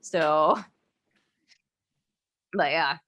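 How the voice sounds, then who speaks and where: A woman's voice: sits low, extremely slow, fairly bright tone, dull audio. A woman co-hosting a podcast, telling a story in a casual way, laughing often and swearing freely. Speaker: podcast co-host.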